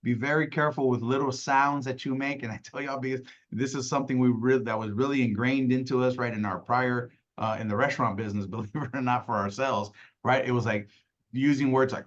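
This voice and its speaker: A man's voice: medium pitch, steady tone, fairly quick, muffled recording. A man leading a casual sales training call, talking conversationally and acting out clients, with many "right?" tags.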